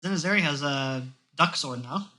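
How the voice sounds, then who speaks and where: A man narrating a tabletop game as game master in a loose, halting way. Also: on the high side, sharp tone.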